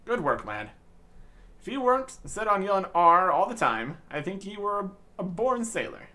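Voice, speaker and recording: A man's voice: sits high, very animated, moderate pace, bright, forceful tone, pitched above the performer's own voice, heavily acted. A man voicing a stern, impatient male ship captain in a game, scolding and bossy. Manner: scolding, bossy, nautical talk.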